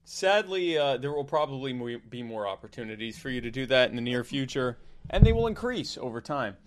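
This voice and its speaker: A man co-hosting a casual political commentary show, sarcastic and wry, tossing in quick asides and updates. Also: medium pitch, very animated, a little hiss or hum. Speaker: co-host.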